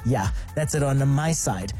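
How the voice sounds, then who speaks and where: A man hosting a radio show, talking in a lively, sing-song, playful way. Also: medium pitch, measured pace, soft background music. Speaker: radio host. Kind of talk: upbeat radio chat. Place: radio studio.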